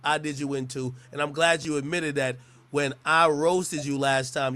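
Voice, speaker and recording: At a moderate pace and fairly high pitch, an internet personality mocks and swears through a roast rant, his tone a bit bright with no echo. He keeps stammering and restarting.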